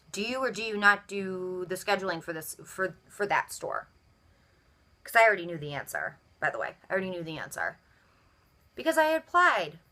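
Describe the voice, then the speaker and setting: Bright-voiced woman telling an indignant story. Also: medium pitch. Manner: animated, acts out both sides of dialogue. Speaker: vlogger. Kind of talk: storytelling rant.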